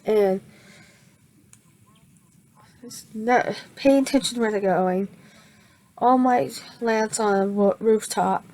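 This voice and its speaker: A woman telling a fan-made story in her own words, halting and restarting often with many fillers. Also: medium pitch, darkish tone, low-quality recording. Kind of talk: improvised fan fiction narration.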